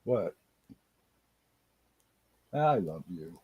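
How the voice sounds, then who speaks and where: Husky low-voiced man telling stories. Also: sing-song, extremely slow, darkish tone, dry recording. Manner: folksy, laughs through his stories. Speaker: host of a live call-in chat show. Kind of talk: casual storytelling chat. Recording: dull lo-fi sound.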